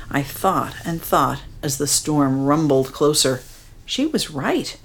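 Woman storyteller, low-ish voice, animated children's read-aloud. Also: slow pace, a little hiss or hum. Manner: expressive, counts aloud, acts out thunder sounds.

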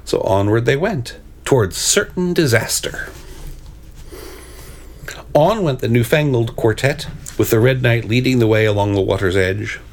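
A man reading a storybook aloud, pausing to describe its pictures with hesitant asides between the expressive narration. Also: medium pitch.

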